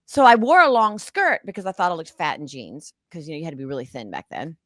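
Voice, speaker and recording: An animated woman with a slightly low voice tells an emotional personal story as an interview guest. She recounts it dramatically. The sound is close and dry. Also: quick pace, no echo. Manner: animated, dramatic, acts out past conversations. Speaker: guest, actress and author.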